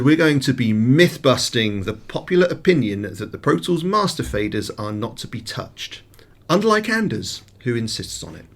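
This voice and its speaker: A man's voice: lowish voice, a bit bright. A man hosting a tech panel show: he reads a scripted intro, then chats casually with dry teasing humor. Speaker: podcast host.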